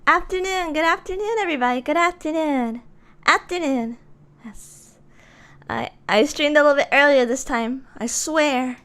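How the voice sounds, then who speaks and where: A woman streamer in casual live-stream chat, slightly hoarse, giggling and chatting with her viewers. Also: high-pitched, moderate pace, fairly bright tone.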